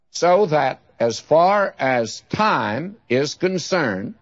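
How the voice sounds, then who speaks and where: A man's voice: mid-range voice, no echo. A man teaching the Bible in a folksy way, speaking directly to the listener and asking rhetorical questions. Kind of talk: radio Bible study teaching. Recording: dull lo-fi radio recording.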